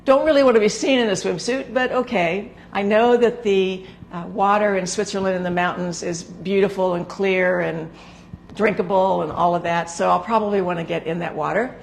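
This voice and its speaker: A woman hosting a sewing show, talking casually to the camera in a hoarse, gravelly voice, chatty and rambling with filler words. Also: medium pitch, fairly even intonation, moderate pace, a little hiss or hum. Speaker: sewing instructor and show host.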